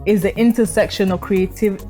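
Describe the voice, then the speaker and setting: A woman's voice: mid-range voice, steady tone, fairly quick, warm tone, soft background music. Bubbly young British-accented woman. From Nigeria, raised in Britain. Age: 20s. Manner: bubbly, laughs often, many likes. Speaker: guest, actress and tech founder. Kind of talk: casual radio chat.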